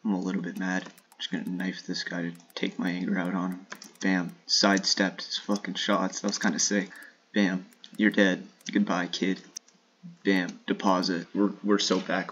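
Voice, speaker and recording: A man streaming a shooter game in casual live commentary, swearing and trash-talking opponents with sudden excited outbursts. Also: deep voice, normal speed, slightly rough.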